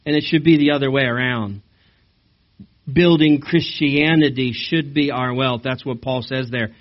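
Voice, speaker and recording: Pastor preaching a lively sermon. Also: male voice, mid-range voice, moderate pace. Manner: animated, asks the congregation questions. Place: church service. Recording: slightly dull recording.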